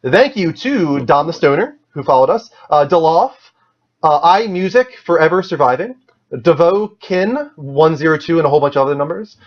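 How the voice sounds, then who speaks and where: A man's voice: on the high side, lively intonation, moderate pace, dull audio. A man hosting a casual gaming talk show in an upbeat way, thanking viewers by name. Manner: upbeat, reads viewer names off a list. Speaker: host.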